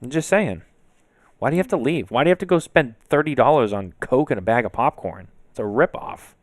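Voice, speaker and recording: A man's voice: medium pitch, lively intonation, fairly quick, no room sound, studio quality. A man co-hosting a casual podcast, chatty and emphatic, rambling through stories. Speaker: podcast co-host. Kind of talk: casual chat.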